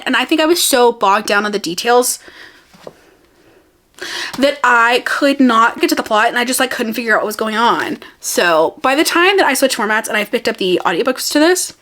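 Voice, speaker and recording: A woman's voice: a little high, a bit bright. A young woman chatting casually about books on her vlog, bubbly and rambling, laughing often and poking fun at herself. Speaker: book vlogger. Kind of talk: casual chatty book review.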